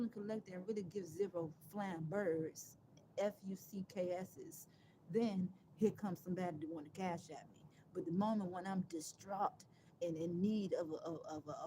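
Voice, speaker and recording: A woman talking on a casual live stream, emphatic and sarcastic, rambling and restarting her phrases, with loud outbursts and quiet asides. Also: on the low side, background noise. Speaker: livestreamer.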